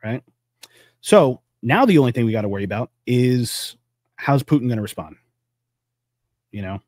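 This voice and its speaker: A podcast co-host speaks at a moderate pace in an animated but slightly mellow voice, with clean, echo-free studio audio. His political talk is casual, loose, profane, and rambling, and he acts out quotes in a high-pitched voice.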